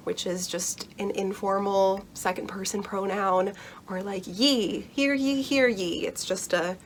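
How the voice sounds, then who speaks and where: A woman's voice: medium pitch, fairly bright tone, a little hiss or hum. Chatty young woman vlogging about books. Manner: chatty, reassuring, frequent "like" and "um", laughs often. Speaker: book vlogger explaining Shakespeare. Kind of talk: casual explainer vlog.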